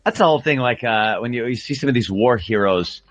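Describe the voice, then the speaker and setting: A man's voice: medium pitch, animated, a little fast, a bit bright, no echo. A man hosting a radio show, telling crude, rambling stories in studio banter. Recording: dull lo-fi broadcast audio.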